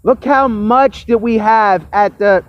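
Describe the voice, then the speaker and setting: A man speaking loud into a phone held in his hand, pushing his voice as he gives a reflective monologue. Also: high voice, takes it slowly. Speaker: vlogger. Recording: lo-fi phone recording.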